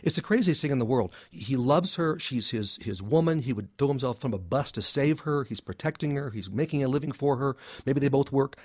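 A man's voice: mid-range voice, expressive, brisk, few pauses, darkish tone, no room sound, studio quality. A man who is a clinical psychologist, talking as a guest in an interview, making his points in short, emphatic sentences with some humor. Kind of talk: interview conversation.

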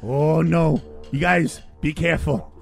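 A man hosting a casual talk show who tells stories in an animated way and laughs often. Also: on the high side, measured pace, creaky, music in the background. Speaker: podcast host. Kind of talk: casual chat.

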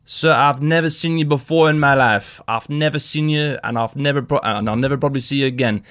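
A man's voice: medium pitch, fairly quick, a bit bright, dry recording, clean studio sound, voice pushed up, lightly acted. A man voicing a vain rugby star on a plane, asking to be recognised, in a self-important, pleading way. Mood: eager.

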